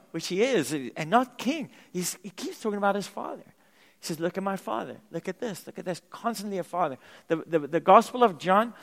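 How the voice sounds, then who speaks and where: Male pastor, emphatic sermon delivery, slightly high voice, long church-hall reverb. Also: creaky. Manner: animated, emphatic preaching with repetition. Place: church sanctuary.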